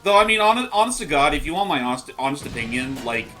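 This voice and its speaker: A man's voice: fairly high pitch, sing-song, quick pace, sharp tone, faint music behind. A man hosting a let's play, explaining the game in a chatty, self-correcting way. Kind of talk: casual game commentary.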